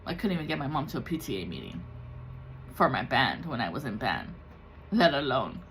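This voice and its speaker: A woman's voice: very deep voice, big pitch swings, fairly quick, a bit bright, slight background noise. A woman tarot reader talking raw and confessional in a personal vlog, swearing freely and slipping into the voices of people she quotes. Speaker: tarot reader and spiritual content creator. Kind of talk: candid emotional personal vlog.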